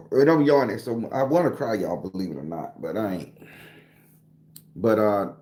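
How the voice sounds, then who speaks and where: A man's voice: fairly low pitch, unhurried, pauses often. A man, hosting a livestream and telling stories in a casual, profane way. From southern Florida. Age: 40s. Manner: loud greetings to viewers, profane slang. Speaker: livestream host. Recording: echoey room.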